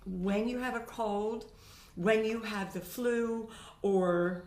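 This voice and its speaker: A middle-aged woman voice teacher recovering from a sinus infection, chatting and demonstrating pitch with her own voice in a home video lesson. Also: fairly even intonation, slow pace, a little mellow. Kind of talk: instructional video talk. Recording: roomy home recording.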